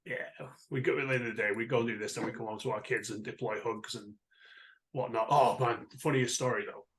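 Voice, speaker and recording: A man's voice: mid-range voice, fairly even intonation, a little fast, a bit bright. A middle-aged man hosting a podcast, chatting in a friendly, laughing, casual way. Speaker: podcast host. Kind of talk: casual chat.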